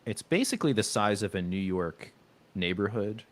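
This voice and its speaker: Deep-voiced man rambling casually. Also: expressive, moderate pace. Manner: rambling, hesitant, self-correcting. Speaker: stream host. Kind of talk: casual chat.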